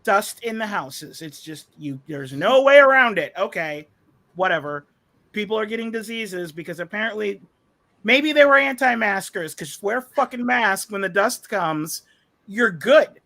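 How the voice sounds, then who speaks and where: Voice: mid-range voice, animated, unhurried, sharp tone. A podcast host ranting casually about a movie, profane, sarcastic and exasperated, rambling with fillers. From United States.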